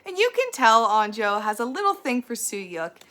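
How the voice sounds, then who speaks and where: A woman with a bright, forceful voice sitting a little high in her range, recapping an episode in a casual vlog. She is blunt and ranty, swears freely and throws her opinions at every character. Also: moderate pace, slight background noise. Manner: animated and opinionated.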